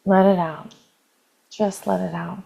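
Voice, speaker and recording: A woman leading a guided EFT tapping session, calling out tapping points in a slow, gentle, repetitive way. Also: on the low side, flat delivery, vocal fry, highs cut off.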